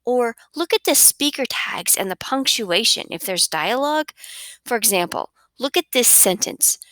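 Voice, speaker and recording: Recorded close to the mic with no room sound, a woman leads a children's reading lesson in an expressive, sing-song teacher's voice. She speaks at a normal speed, pitched on the high side.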